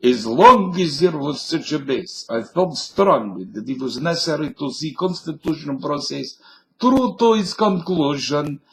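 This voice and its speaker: A stern mock leader with a put-on Russian accent, as a man plays him. He drops articles as he reads a formal farewell speech. His voice is slightly high for a man. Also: expressive, a little slow, a little hiss or hum, low-quality recording. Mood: solemn.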